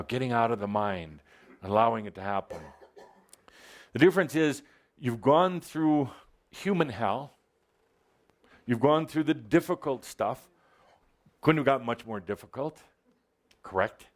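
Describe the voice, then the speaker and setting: A man giving a channeled spiritual talk to a live audience, playful and theatrical, teasing the listeners, his voice jumping up and dropping low. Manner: theatrical, playful, teasing, with big swings in pitch.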